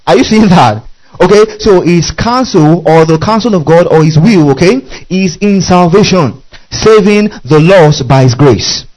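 A man's voice: high-pitched, lively intonation, unhurried, a little mellow, poor audio. A man preaching a teaching sermon, working through scripture and constantly asking his listeners if they follow. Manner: questioning the congregation constantly. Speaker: pastor.

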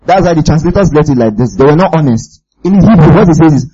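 A man's voice: a little high, animated, quick pace, hardly any pauses, mellow, breathy edge, muffled recording. A man preaching a sermon with emphasis, often asking his listeners whether they follow.

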